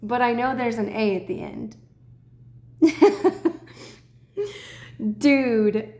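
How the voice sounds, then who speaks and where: This livestream host is a woman from Texas in her 20s who chats freely, laughs a lot and bursts into excited shouts. She speaks fairly quickly in a slightly high, creaky voice, and the sound is reverberant.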